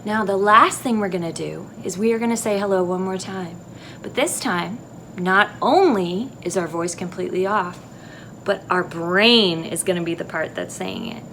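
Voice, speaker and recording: A woman music teacher recording a video lesson for young children in an empty classroom, speaking slowly and clearly. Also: on the low side, animated, a bit bright, a little hiss or hum. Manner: slow, clear teacher talk to young kids.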